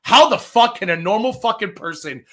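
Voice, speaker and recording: A woman's voice: mid-range voice, animated, normal speed. A woman co-hosting a livestream, ranting angrily with heavy swearing and emphatic repetition. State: angry and fired up. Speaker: streamer co-host. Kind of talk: heated livestream rant.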